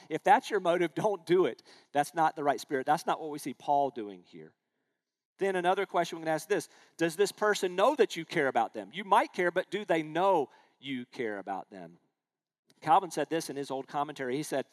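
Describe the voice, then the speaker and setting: A man's voice: a little high, animated, fairly quick. A man, preaching a sermon in a conversational way, asking the congregation questions and telling personal stories. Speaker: pastor.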